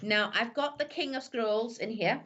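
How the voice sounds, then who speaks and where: A woman with a slightly high voice, chatting warmly with viewers as a psychic medium, calling each one "my lovely". Her live stream sound is dull and lo-fi, and her talk is loose and chatty. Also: unhurried, breathy edge. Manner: chatty, calls everyone "my lovely". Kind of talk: live-stream greetings and reading.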